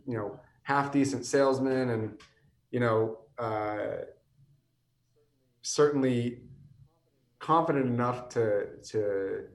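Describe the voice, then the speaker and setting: Recorded from a distance in an echoey room, this whiskey company guest on a podcast is a man in his thirties with a voice on the low side. He rambles casually, restarting often, and sounds tired, his voice starting to give out.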